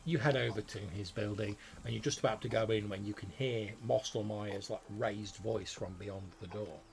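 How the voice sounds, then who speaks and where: A man's voice: lowish voice, fairly even intonation, normal speed, vocal fry, slight background noise. A man running a tabletop game as game master, narrating in a loose, rambling way with many fillers.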